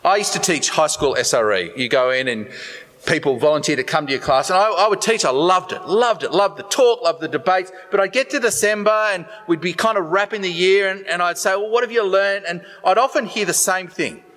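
A man preaching a sermon in an animated, conversational way, turning often to talk straight to his listeners. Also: high voice, a little fast. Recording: long hall reverb.

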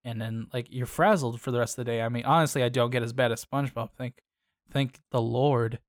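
A man co-hosting a podcast, chatting in an animated, playful way with lots of "like" fillers. His voice sits at a middling pitch. The sound is dry and close, with no room echo. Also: a little fast. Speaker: podcast co-host. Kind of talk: casual chat.

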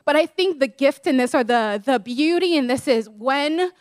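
A woman co-pastor sharing a personal story in a sermon, earnest and emotional, speaking in quick bursts. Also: sits high, lively intonation, no echo, studio quality.

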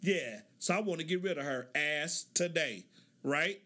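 Laid-back man with a high voice. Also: animated, unhurried, bright, forceful tone. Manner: laid-back, laughs often, acts out quoted dialogue. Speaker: podcast host. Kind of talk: casual storytelling monologue.

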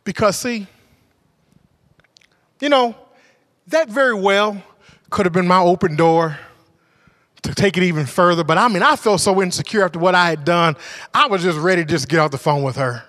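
A male preacher delivers a sermon with a high-pitched, bright, ringing voice. He tells a personal story with great animation, rising to shouts and then dropping to near whispers. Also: normal speed, long pauses.

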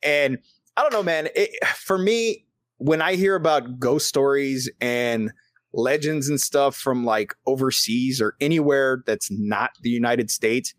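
A man's voice: medium pitch, measured pace, dry recording. Laid-back, profane podcast host man. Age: adult father. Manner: loose and profane, full of fillers. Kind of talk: casual chat, storytelling.

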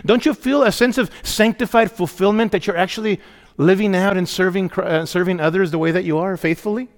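A man's voice: high voice, fairly bright tone. A middle-aged male pastor preaching a sermon in a church, emphatic and often calling out to the congregation for a response. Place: church sanctuary. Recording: long hall reverb.

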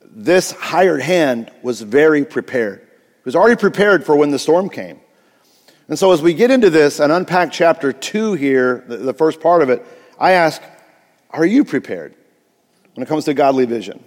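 A man's voice: on the high side, animated, normal speed, in a large hall. A male pastor preaching a sermon, telling a story with frequent restarts and asides.

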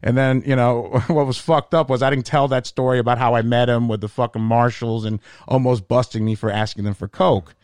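A male stand-up comedian telling stories in casual podcast chat, profane and animated, slipping into put-on voices. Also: medium pitch, fairly quick, hardly any pauses, dry recording, studio quality.

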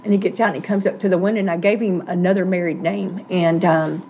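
A middle-aged woman telling her own life story in a plainspoken, earnest, halting way. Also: lowish voice, fairly even intonation, warm tone, a little hiss or hum. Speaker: guest sharing recovery story. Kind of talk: personal testimony, casual storytelling.

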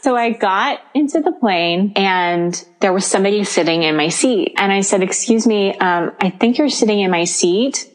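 A woman's voice: mid-range voice, normal speed, hardly any pauses. A woman co-hosting a podcast, telling a story in casual chat, acting out the people in it and laughing often. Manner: animated storyteller, acts out quoted dialogue, laughs often. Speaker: podcast co-host.

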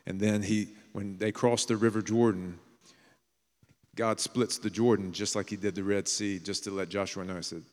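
A man with a low voice preaches a sermon in a church sanctuary. He speaks earnestly and plainly, and at times drops into a hushed, intimate storytelling tone. His words ring out with the long reverb of a large hall. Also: fairly even intonation, moderate pace. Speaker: pastor.

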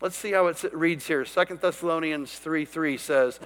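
A man's voice: on the high side, normal speed, few pauses, fairly bright tone, big-room sound. Emphatic preaching man, raised voice. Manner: emphatic, declaring scripture with rising intensity. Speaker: pastor. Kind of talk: sermon.

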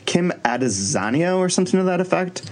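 A man's voice: high-pitched, big pitch swings, fairly quick, background noise. A man hosting a podcast, chatting casually in a rambling, self-deprecating way with easy swearing. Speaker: podcast host. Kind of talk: casual chat.

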